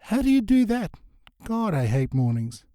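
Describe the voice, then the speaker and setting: A man's voice: sits high, very animated, normal speed, warm tone, no echo, pitched above the performer's own voice. Dry, skeptical woman shop owner who hates mornings, voiced by a male reader; dry close sound. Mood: wry. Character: grumpy young woman who runs a shop.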